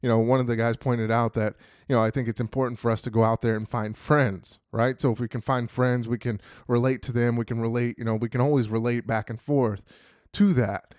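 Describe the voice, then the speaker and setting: A man's voice: mid-range voice, flat delivery, fairly quick, darkish tone. A man in a middle register gives a casual motivational talk to a sales team and keeps leaning on "you know" as he goes. His delivery is loose and conversational. The sound is dry and close, with no room echo. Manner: conversational, heavy use of "you know" fillers.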